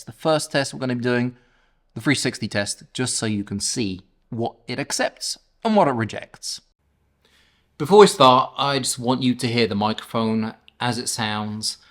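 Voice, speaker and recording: A man's voice: mid-range voice, animated, normal speed, fairly bright tone. Male host, 40s, London accent, chatty self-mocking reviewer, small home studio, camera mic at arm's length. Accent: London English. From England. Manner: chatty, self-mocking, stumbles over words. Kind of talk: casual product review. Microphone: camera-mounted shotgun mic about arm's length away.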